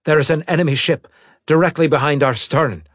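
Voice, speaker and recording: A man voicing a jumpy starship crewman who shouts in alarm. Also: fairly high pitch, fairly even intonation, a little fast, no room sound, clean studio sound, voice pushed up, natural voice.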